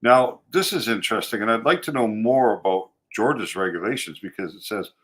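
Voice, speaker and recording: A man's voice: lowish voice, lively intonation, a little fast, fairly bright tone. A man co-hosting a podcast who chats casually, makes dry jokes and reads news items aloud carefully. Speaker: podcast co-host.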